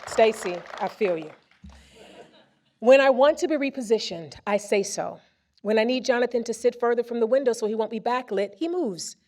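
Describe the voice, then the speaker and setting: A woman presenter reading a first-person story aloud on a theater stage into a microphone, with expressive comic timing. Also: fairly high pitch, moderate pace. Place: theater stage before a live audience.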